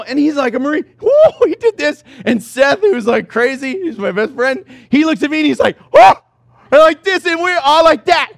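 A male pastor preaching a sermon, telling a story with animated, rising excitement. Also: very high voice, vocal fry, no echo, studio quality.

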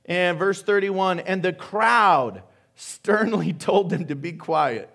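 A man preaching a sermon as pastor, animated and joking, asking the congregation questions. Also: high-pitched, unhurried.

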